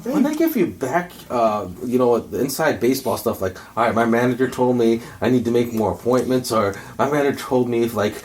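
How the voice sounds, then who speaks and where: A man's voice: medium pitch, big pitch swings, brisk, few pauses, darkish tone. A man co-hosting a podcast, chatting loosely and swearing casually. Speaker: podcast co-host. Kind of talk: casual chat.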